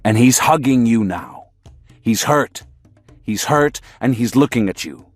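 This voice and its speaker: A calm, stubborn old sorcerer, read by a male audiobook narrator, who repeats himself slowly in a low, mesmerizing way. The voice sits in a middle pitch, with dry sound and soft music underneath. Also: no room sound. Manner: slow, insistent, mesmerizing delivery. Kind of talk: audiobook character reading.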